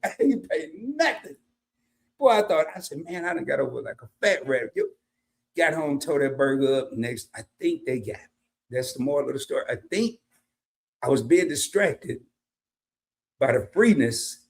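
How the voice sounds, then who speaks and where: A man, telling a casual story on his live stream and greeting chatters by name. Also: on the high side.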